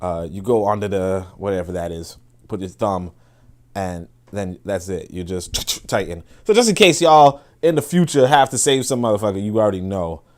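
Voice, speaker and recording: This man, hosting a casual livestream where he reacts to a video, addresses his chat in an animated way at a normal speed. His talk is profane and full of laughter, alternating between loud outbursts and quiet mutters.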